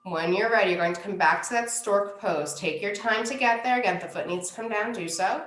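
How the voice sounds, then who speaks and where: A woman teaching a yoga class, giving calm, unhurried cues for poses and breathing. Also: medium pitch, echoey room. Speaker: yoga instructor. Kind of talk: guided yoga class instruction.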